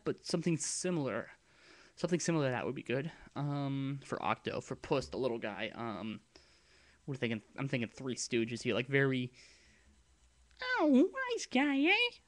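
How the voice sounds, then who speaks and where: A man with a deep voice talking in a casual vlog, rambling and hesitant, with frequent ums and restarts as he explains his project plans. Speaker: vlogger and abridged-series creator.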